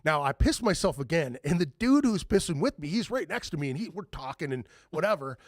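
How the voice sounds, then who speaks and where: A man's voice: fairly high pitch, brisk, dry recording, studio quality. A man telling a rambling story on a podcast, swearing freely and acting out the voices of people he quotes. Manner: profane, animated, acts out quoted voices. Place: podcast studio.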